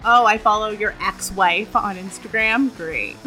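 A woman's voice: mid-range voice, unhurried, bright, forceful tone, faint music behind. A woman co-hosting a film podcast, bantering and laughing often. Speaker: podcast co-host. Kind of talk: casual chat.

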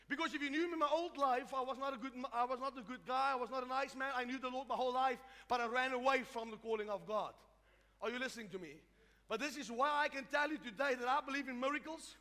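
High, bright-voiced male preacher in a hall. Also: steady tone, fast talker. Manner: preaching with rising shouts and call-and-response. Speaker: pastor. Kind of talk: sermon. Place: church.

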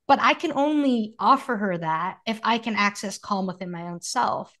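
A woman in her thirties talks through her ideas in a relaxed, earnest way. She is a podcast co-host with a mid-range voice, thinking aloud in long, flowing sentences. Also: mid-range voice, moderate pace, hardly any pauses. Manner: reflective, earnest, speaks in flowing thoughts. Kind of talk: casual conversation.

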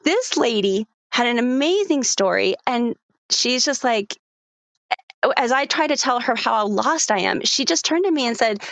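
A woman's voice: on the high side, lively intonation, measured pace, fairly bright tone, no room sound. A woman in her forties, a parenting coach telling her story in an interview, earnest, with many fillers and restarts.

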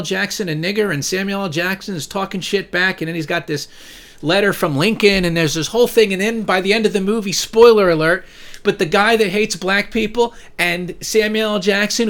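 A man rambles through a casual, profane monologue, reading viewer messages aloud. His voice sits a little high, and he swings into loud, heated rants before settling back down. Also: creaky. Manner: rambling, swears often, bursts into loud rants.

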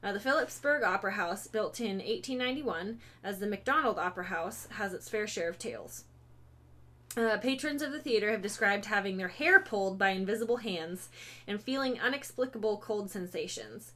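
A woman of ordinary pitch hosts a relaxed podcast chat. She reads ghost lore aloud in an easygoing way, stumbling over words, correcting herself and scattering ums through the text. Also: moderate pace. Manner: reads aloud with many fillers and self-corrections, breaks off to laugh and joke. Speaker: podcast host. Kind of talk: casual chat, reading ghost stories aloud.

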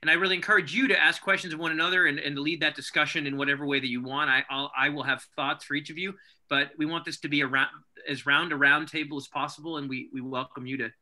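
A man's voice: a little high, steady tone, fast, sharp tone. A man hosting an online arts program over a video call, talking casually with frequent restarts. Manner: friendly, stumbling restarts.

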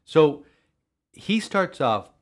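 A man, a priest co-hosting a podcast, telling a story earnestly in halting sentences full of restarts. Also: on the high side, big pitch swings. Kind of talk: casual podcast chat.

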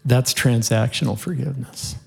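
A man's voice: mid-range voice, steady tone, normal speed, vocal fry, husky. A man preaching, telling a heartfelt story to his congregation in an earnest way. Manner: earnest, heartfelt storytelling with occasional soft laughs. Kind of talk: sermon storytelling.

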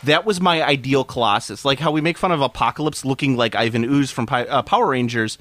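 A man's voice: mid-range voice, a little fast, a bit bright, no echo. A man co-hosting a casual film-review chat, talking with enthusiasm and often starting his sentences over. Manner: enthusiastic, rambling with frequent restarts. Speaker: podcast co-host reviewing a film.

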